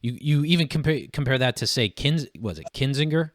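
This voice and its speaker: A man's voice: medium pitch, no room sound, studio quality. A man co-hosting a political podcast, talking casually with many restarts and bursts of emphasis. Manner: halting, restarts a lot, animated when riled. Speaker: podcast co-host.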